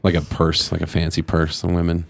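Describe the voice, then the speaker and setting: Very deep-voiced man, laughing podcast host. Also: monotone, fairly quick, vocal fry. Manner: laughs often, swears casually. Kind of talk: casual chat.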